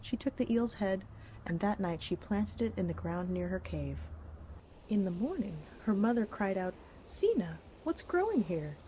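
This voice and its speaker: A woman narrating a folk tale in a gentle, clear storybook style. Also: mid-range voice, moderate pace, a little hiss or hum. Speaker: narrator and cooking host. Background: music.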